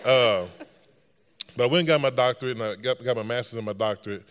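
A middle-aged man, a school superintendent, giving a lively story-filled speech on stage and laughing often. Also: medium pitch, quick pace, big-room sound, a little hiss or hum.

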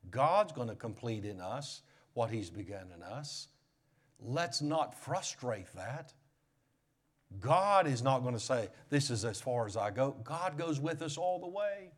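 A man preaching from the pulpit, his pitch sitting in an ordinary middle range. He moves between loud, pressing emphasis and soft, almost whispered passages. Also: animated, unhurried. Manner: preaching with swings from loud raised emphasis to hushed near-whispers. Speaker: pastor. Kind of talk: sermon.

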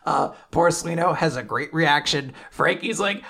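A man co-hosting a casual podcast, recapping manga chapters and quickly acting out the characters' lines. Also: a little high, vocal fry. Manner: animated recap with quick put-on character voices. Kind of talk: casual chat.

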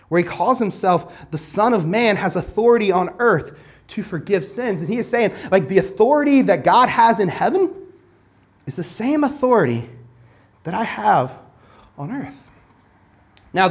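A man preaching a sermon as pastor, earnest, asking the listeners one rhetorical question after another and often restarting his phrases. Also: high-pitched.

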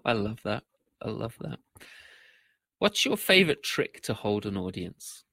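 A man's voice: lowish voice, very animated, slow pace, vocal fry, sharp tone. A man hosting an interview over a remote call, asking questions in a friendly, agreeable way. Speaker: interview host. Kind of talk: interview conversation. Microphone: remote call with delay.

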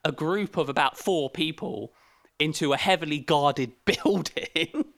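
A man co-hosting a casual comedic film review show, animated and mocking, from England. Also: on the high side, unhurried, creaky. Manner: animated, mocking, does silly impressions. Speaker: podcast co-host.

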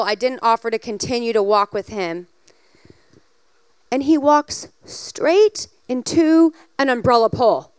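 A woman delivers a sermon in a high, bright-toned voice, recorded dry and close. She tells a personal story with animated energy and rises into emphatic exhortation. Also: clear, resonant tone, no room sound. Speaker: preacher.

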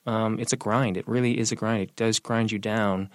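A young man in an interview, talking casually and telling personal stories, relaxed and lively when quoting other people. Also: fairly low pitch, normal speed, few pauses, no echo. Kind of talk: casual conversational storytelling.

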